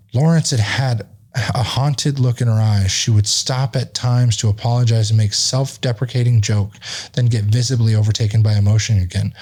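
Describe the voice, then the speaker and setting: A man's voice: medium pitch, a little mellow. A man hosting a podcast, reading a magazine article aloud with restarts and his own asides. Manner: reads haltingly with restarts and asides. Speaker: podcast host.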